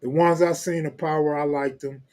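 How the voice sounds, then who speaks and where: A man's voice: fairly high pitch, fairly even intonation, normal speed, a little mellow. Joking man chatting on a stream. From California. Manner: loose, joking street slang, laughs often. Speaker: live stream host. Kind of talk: casual chat reading live comments.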